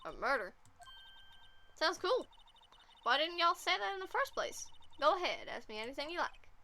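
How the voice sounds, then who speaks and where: A woman's voice: sits high, very animated, normal speed, slight background noise, voice pushed up, exaggerated voice. A woman reading a brash, folksy female photographer in a put-on American Southern drawl. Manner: folksy, loud, boastful.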